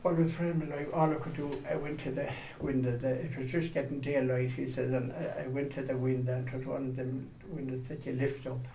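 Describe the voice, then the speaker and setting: A man's voice: medium pitch, flat delivery, a little fast, hardly any pauses. Rambling man telling a story. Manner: rambling storyteller, acting out shouting voices. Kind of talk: telling a comic anecdote. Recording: echoey room, mic far off, noisy.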